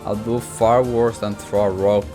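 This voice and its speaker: Brief: gruff, scrappy old granny with a bite, read by a man, low voice, music bed behind. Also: unhurried, natural voice. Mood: furious. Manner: gruff, threatening. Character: fierce scrappy old grandmother. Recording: reading over clear background music.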